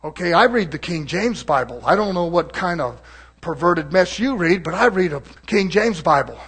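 A man preaching a sermon, swinging from low murmurs to shouted declarations and calling out to the congregation for responses. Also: animated, normal speed, husky.

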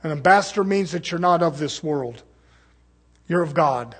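A man's voice: fairly high pitch, expressive, normal speed, husky. A man preaching a sermon at a church service, throwing fervent rhetorical questions to the congregation.

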